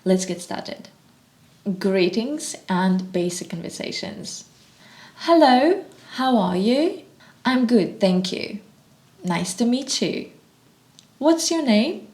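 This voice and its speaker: A woman teaching an English lesson, reading short practice phrases in a slow, deliberate scripted way. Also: medium pitch, a little mellow. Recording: echoey room.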